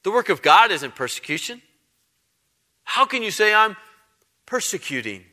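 A man's voice: high voice, sing-song, normal speed, pushed and bright, pitched above the performer's own voice, exaggerated voice. A pastor voicing an indignant male zealot who stammers in protest that he is doing holy work. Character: indignant male zealot, defensive and self-righteous.

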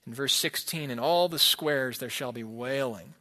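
A man's voice: medium pitch, moderate pace, hardly any pauses, pushed and bright. A man preaching a sermon, reading scripture aloud with dramatic emphasis. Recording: long hall reverb.

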